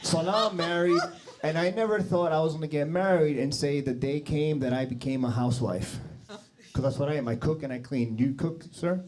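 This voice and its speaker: A man's voice: on the high side, a little fast, a little mellow, a little hiss or hum. Brash, profane comedian in his forties. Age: 40s. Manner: brash, profane, teasing the crowd. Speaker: stand-up comedian. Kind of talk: stand-up comedy.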